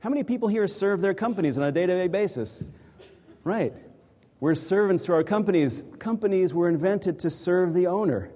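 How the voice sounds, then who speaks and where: A man's voice: high-pitched, lively intonation, normal speed, mellow. Man telling a story in a reverberant hall. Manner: reflective, conversational storyteller. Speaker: executive coach. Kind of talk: storytelling talk to a live audience.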